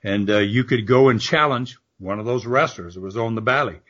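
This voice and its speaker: A man's voice: mid-range voice, fairly quick, a bit bright. An older man, a former wrestler telling rambling stories as a guest, full of fillers and restarts. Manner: rambling anecdotal, frequent fillers and restarts, laughing asides. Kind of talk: storytelling interview. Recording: dull lo-fi audio.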